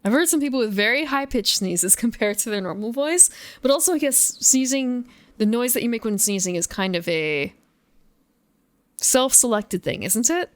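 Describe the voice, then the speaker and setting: A woman's voice: on the high side, expressive, moderate pace, no room sound. A woman streaming games live from a home setup, musing and chatting with her viewers and laughing often. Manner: talks to chat between gameplay. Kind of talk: casual live-stream chat while gaming.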